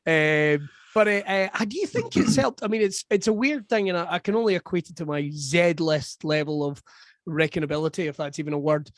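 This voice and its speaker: A man's voice: a little high, expressive, fairly quick, no echo, clean studio sound. A man hosting a podcast interview, joking and reacting with enthusiasm. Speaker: podcast host.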